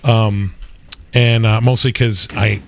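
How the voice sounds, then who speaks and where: A man's voice: on the low side, fairly even intonation, takes it slowly, gravelly, a little hiss or hum. A man co-hosting a talk radio show, chatting casually with many restarts and fillers. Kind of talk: casual on-air banter.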